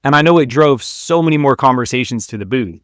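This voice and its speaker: A man hosting an interview, quick with upbeat reactions and questions for his guest. His voice is smooth and resonant at a middle pitch. It is recorded dry, with no room echo. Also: animated. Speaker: interview host.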